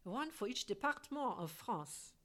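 A woman reading an audiobook, voicing a refined, unflappable middle-aged gentleman who speaks politely and calmly. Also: on the high side, normal speed, pitched above the performer's own voice. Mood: courteous. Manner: polite, composed and courteous.

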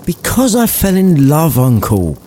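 A man's voice: fairly high pitch, huge pitch swings, a little slow, dark tone, slight background noise, pitched above the performer's own voice. A man voicing a polite, cheerful young nephew who pleads earnestly.

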